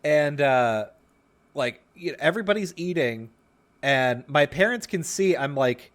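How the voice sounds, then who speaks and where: A man's voice: on the high side, a little slow. A young man co-hosting a podcast, telling a story in casual chat, rambling with lots of fillers and acting out what people said. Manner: animated, rambling, many "like" fillers, acts out quotes. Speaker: podcast co-host.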